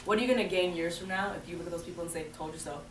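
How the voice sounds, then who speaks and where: A young woman answering fan questions at a live Q&A. She talks in a fast, animated way and laughs often. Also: on the low side. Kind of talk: live Q&A talk. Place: large hall at a screening. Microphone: audience phone from far off. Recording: echoey hall, distant, faint noise.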